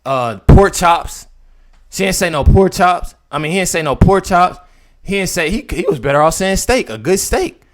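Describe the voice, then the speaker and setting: A young man casually comments on a video clip, expressive and brisk. Incredulous, he swings between loud outbursts and low mutters.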